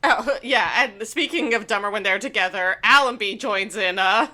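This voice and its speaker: A woman's voice: medium pitch, normal speed, bright, forceful tone. A woman co-hosting a podcast, chatting casually and playfully about an anime, often laughing and acting out characters' lines. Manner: giggly, playful, acts out characters in quotes. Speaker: podcast co-host. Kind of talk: casual chat recapping an anime.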